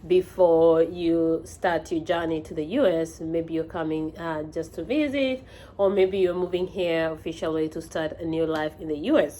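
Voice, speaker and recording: A woman with a Kenyan accent speaks in a somewhat low voice. She talks to camera in a casual advice vlog, loose and conversational, often pausing on fillers and restarting her sentences. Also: a little mellow. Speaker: vlogger giving advice.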